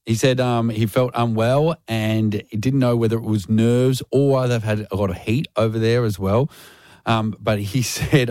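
A man's voice: mid-range voice, steady tone, normal speed, darkish tone, dry recording, clean studio sound. A man hosting a radio show, chatting casually and joking with co-hosts. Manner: chatty, joking, laughs often. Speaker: radio host. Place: radio studio.

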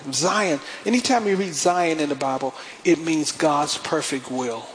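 A man preaching a sermon as pastor, calling out to the congregation and rising to shouts. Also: fairly high pitch, measured pace, hardly any pauses, slight background noise.

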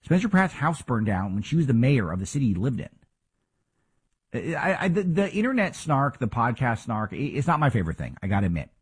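Husky man delivering heated political commentary. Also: medium pitch, big pitch swings, brisk. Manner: emphatic, argumentative, rhetorical questions. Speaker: talk show host.

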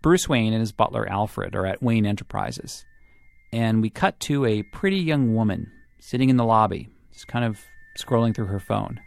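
A male interviewer who narrates in a measured way and asks questions. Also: fairly low pitch, animated, gravelly, a little mellow, no room sound. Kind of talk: radio-style narration and interview.

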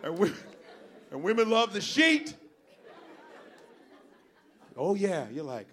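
A man's voice: high-pitched, very animated, slow pace, long pauses, a bit bright, a faint crowd. A male stand-up comedian performing an exasperated, profane routine and talking straight to the audience. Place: comedy club stage.

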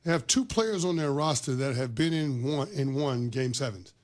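A man arguing basketball on a sports radio show in a studio, animated, often restarting his sentences. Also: medium pitch, normal speed. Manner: animated argument with stammered restarts.

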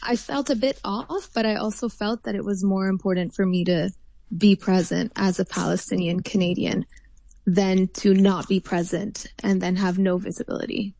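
A woman artist answering interview questions in a thoughtful way, pausing often with fillers and restarts. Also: medium pitch, steady tone, vocal fry, dark tone, no echo.

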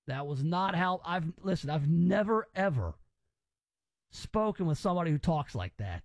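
High-voiced opinionated man. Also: animated, moderate pace, no echo. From Southern US. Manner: opinionated and rambling. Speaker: podcast host. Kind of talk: casual chat.

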